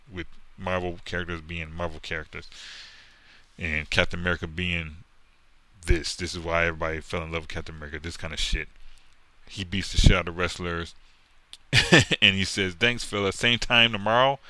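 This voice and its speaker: A man ranting casually about comics in a profane, animated, mocking way. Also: low voice, moderate pace, no echo. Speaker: comic book commentator. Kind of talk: casual rant.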